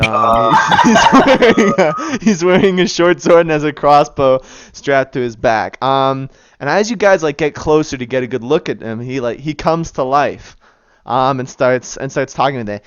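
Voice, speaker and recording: A man's voice: medium pitch, lively intonation, unhurried, clean tone, dull audio. A man narrating as game master in a tabletop game, loose and chatty, often breaking into laughter.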